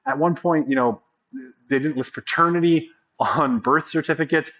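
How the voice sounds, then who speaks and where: A man's voice: on the high side, normal speed, fairly bright tone, dull audio. A man giving a sociology lecture in a chatty, rambling way, full of fillers and joking asides. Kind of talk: classroom lecture.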